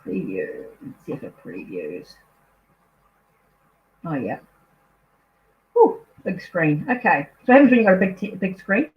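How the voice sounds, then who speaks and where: A woman's voice: lowish voice, wildly swooping pitch, a little slow, pauses often, lo-fi sound, slight background noise. A woman with a New Zealand accent, a tarot reader chatting casually at home on a live stream, easily distracted, apologetic and thinking aloud.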